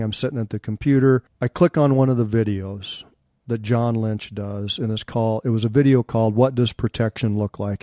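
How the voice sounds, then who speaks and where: A middle-aged man speaks as an interview guest, sharing a personal story in an earnest and reflective manner. His voice sits low and warm, and it sounds close and dry with no room echo.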